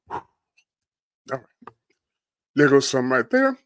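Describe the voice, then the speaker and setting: A man from Florida hosting a livestream and commenting on storm damage photos, murmuring hushed, prayerful exclamations between his remarks. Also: mid-range voice, lively intonation, unhurried, pauses often, no echo. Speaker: livestream host.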